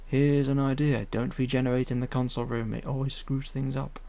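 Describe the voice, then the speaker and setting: A man's voice: mid-range voice, flat delivery, a little fast, warm tone. A man rambling casually with frequent fillers while he edits his own animation at a home computer. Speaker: animator editing his own fan series. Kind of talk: casual editing commentary.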